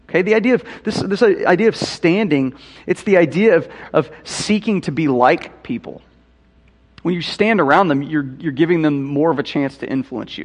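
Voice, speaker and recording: A man preaching a sermon with a fairly high-pitched voice. He often repeats words and keeps putting probing questions to his listeners. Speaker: pastor.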